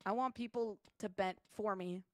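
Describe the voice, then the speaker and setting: A woman's voice: mid-range voice, steady tone, moderate pace, no room sound. Young woman gaming streamer, playful griping, dry close mic. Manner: playful, dramatically grumbling. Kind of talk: casual gaming stream chat.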